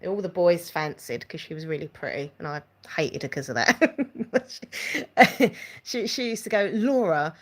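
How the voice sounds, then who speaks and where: A woman's voice: lowish voice, big pitch swings, a little slow. A woman with an Essex accent, hosting a casual live stream, rambling and reading out viewer comments. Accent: Essex English. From England.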